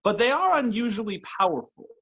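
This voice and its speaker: A man doing a gentle motherly teacher. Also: sits high, very animated, muffled recording, pitched above the performer's own voice, exaggerated voice. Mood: puzzled. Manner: soft, sweet, unhurried speech. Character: gentle maternal woman divination teacher.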